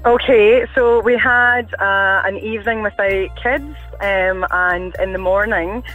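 A woman's voice: medium pitch, fairly even intonation, unhurried, phone-quality sound, soft background music. Wry woman caller telling a story. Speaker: radio caller. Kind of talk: telling an anecdote on air.

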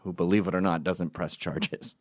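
Low-pitched and moderately paced, this man rambles through a casual storytelling monologue with no echo around him. He swears freely, wanders into tangents, and brings quoted people to life by acting out their voices with energy.

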